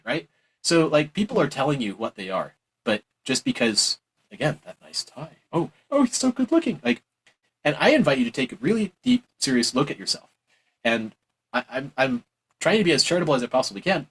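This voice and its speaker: A man giving a heated, preachy opinion monologue on politics, mocking others in exaggerated high voices. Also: fairly bright tone, slightly rough, low-quality recording. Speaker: political commentator.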